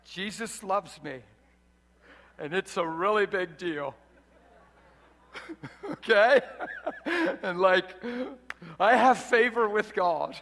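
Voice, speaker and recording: A man's voice: sits high, takes it slowly, pauses often, a bit bright. A man preaching a sermon in a large hall, exuberant and emphatic, often breaking into laughter. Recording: reverberant hall.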